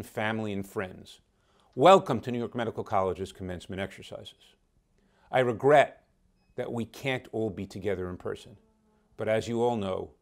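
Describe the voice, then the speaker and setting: A college president opening a commencement ceremony with a formal, ceremonial welcome address. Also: male voice, fairly low pitch.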